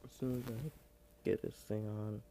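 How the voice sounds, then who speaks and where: A man's voice: lowish voice, flat delivery, moderate pace, dark tone, a little hiss or hum. A man casually narrating an unboxing in his home kitchen, talking to a phone camera, rambling and self-deprecating with lots of fillers and apologies. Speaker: unboxing vlogger. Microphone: phone camera with headphones plugged in.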